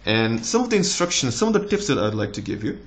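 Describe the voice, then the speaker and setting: A young man in his twenties with a slight American tinge, a doctor giving relaxed, encouraging exam tips in a casual vlog. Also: quick pace. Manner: relaxed, encouraging, with lively rises in pitch.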